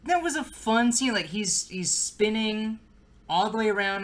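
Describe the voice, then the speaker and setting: A woman reviewing a movie in casual chat, laid-back and quick to agree. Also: mid-range voice, animated, fairly bright tone.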